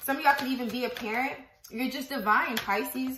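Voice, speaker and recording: A woman's voice: high-pitched, a little fast, bright, forceful tone, reverberant, slight background noise, poor audio. A woman giving a casual tarot reading to camera, chatty and profane, affirming her viewers and counting numbers aloud as she goes. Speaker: tarot reader.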